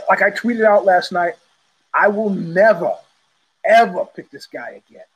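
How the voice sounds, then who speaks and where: Husky, sardonic male show host. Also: high-pitched, low-quality recording. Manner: blunt, sardonic, rambling with restarts. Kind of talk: casual solo commentary.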